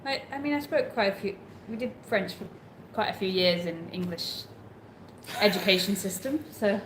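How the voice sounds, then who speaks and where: A woman's voice: mid-range voice, expressive, normal speed, fairly bright tone. A woman co-hosting a live travel chat, talking casually with lots of hedging and reading out questions from viewers. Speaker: co-host of a travel livestream. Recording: echoey room with faint background noise.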